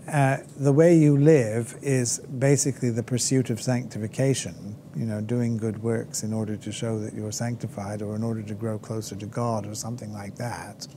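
Lecturing on theology off the cuff, a man with a warm, mid-range voice asks rhetorical questions and imitates his critics. He speaks hesitantly with many fillers and restarts, and a little hiss or hum sits under the recording.

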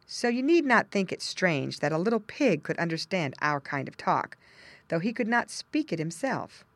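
A woman reading a children's storybook aloud, with gentle asides that explain things to young listeners. Her voice is low but full of lively rises and falls. The recording is dry and close. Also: moderate pace, dry recording. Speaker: audiobook narrator.

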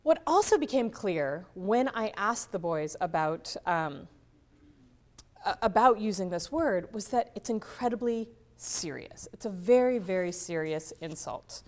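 A woman's voice: mid-range voice, expressive, a little slow, darkish tone. A woman giving an academic conference lecture, often checking in with the audience through tag questions and restarting her sentences. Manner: restarts and repeats words mid-sentence.

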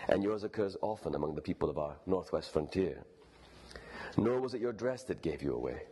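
A man's voice: sits low, breathy edge. A man with a Pakistani English accent reading a novel aloud as a courteous, formal young Pakistani man who speaks in old-fashioned phrasing.

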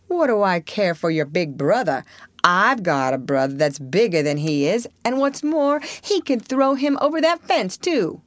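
A woman's voice: medium pitch, lively intonation, moderate pace, no echo, studio quality, natural voice. A woman voicing a proud, stubborn boy from a storybook who goads and boasts. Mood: boastful.

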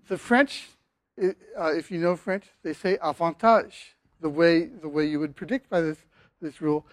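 An older man giving a university linguistics lecture, speaking haltingly with many fillers and restarts. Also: a little high, dry recording. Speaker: linguistics professor.

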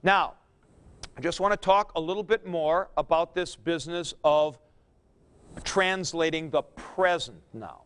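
A middle-aged man lecturing on grammar with a high, smooth, resonant voice. He talks slowly and deliberately, folksy and emphatic, building his points from everyday examples. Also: fairly bright tone. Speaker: teacher.

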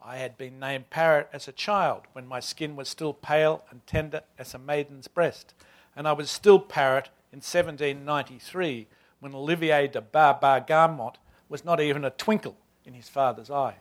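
A man's voice: fairly high pitch, fairly even intonation, normal speed, hardly any pauses, lightly acted. Man reading as a wry old servant, Australian lilt. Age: 60s. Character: wry proud older male servant narrating his life. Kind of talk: reading aloud from a novel.

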